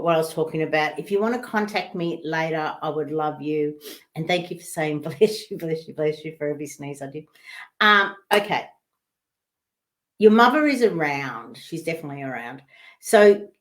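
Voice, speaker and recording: A woman hosting a live online talk, chatting loosely and reading out viewer comments, rambling with fillers and restarts. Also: low-pitched. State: coughing and sneezing at times.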